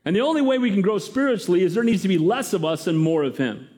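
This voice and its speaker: Man, sermon, fairly high voice, lively, questions to the congregation. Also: fast talker. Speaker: pastor.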